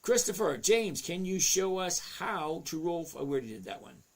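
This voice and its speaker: Man, casual livestream host, gravelly voice, a little high, chatty, answers chat. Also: very animated, moderate pace. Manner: chatty, reads chat names aloud, talks to himself over charts.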